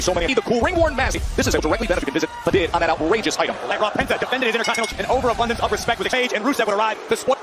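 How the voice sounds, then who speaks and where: Male wrestling commentator, high and very fast, yells at big moves; broadcast mix with loud crowd and music. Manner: bursts into shouts at big moves. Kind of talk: excitable play-by-play commentary.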